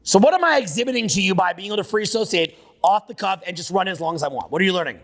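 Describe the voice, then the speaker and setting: A man's voice: sits high, expressive, racing, fairly bright tone, long reverb tail. A man giving a live seminar talk, brash and profane, riffing off the cuff. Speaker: seminar speaker. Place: seminar room with an audience.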